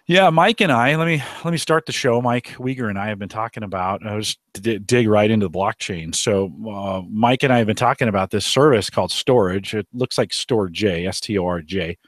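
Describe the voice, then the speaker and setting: Man, low voice, podcast host, rambling casual talk, dry close sound. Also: brisk, few pauses, dry recording. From Omaha area, United States. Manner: rambling, restarts often, chatty. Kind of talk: casual live show chat. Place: outdoors on a deck.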